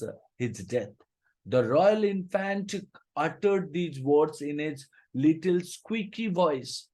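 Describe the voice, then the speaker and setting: Give me a teacher explaining slowly. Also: male voice, fairly high pitch, darkish tone. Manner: rereads lines, then paraphrases them with many "means, uh" fillers. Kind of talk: explaining a literature text to a class.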